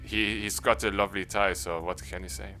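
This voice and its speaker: A man's voice: low-pitched, fairly even intonation, fairly quick, sharp tone, soft background music. A man playing through a story game, joking to his viewers between lines. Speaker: gaming commentator.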